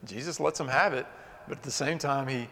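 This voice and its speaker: A man's voice: medium pitch, fairly quick, vocal fry, a little hiss or hum. Passionate preacher man in an echoey hall. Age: adult. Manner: passionate, shifting from loud to hushed. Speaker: pastor. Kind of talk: sermon. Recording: long hall reverb.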